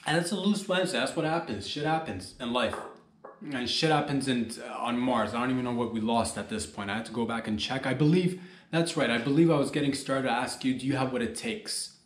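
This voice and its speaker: Man, comedy podcast host, loose rambling jokey delivery, mid-pitched, roomy echo. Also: a little fast. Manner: rambling, jokey, talks straight to listeners. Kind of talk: rambling solo comedy monologue.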